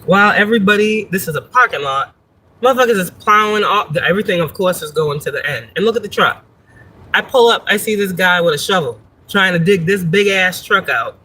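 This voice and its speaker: A woman's voice: mid-range voice, animated, fairly quick, pushed and bright, low-quality recording. A woman hosting a casual livestream from her parked car, chatting, swearing and laughing as she tells a story. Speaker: spiritual reader and livestream host.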